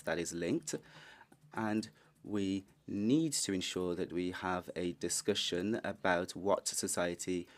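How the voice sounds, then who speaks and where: A man interpreting a panelist's Spanish into English on the fly, halting with many fillers. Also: low voice. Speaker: conference interpreter. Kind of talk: simultaneous interpretation.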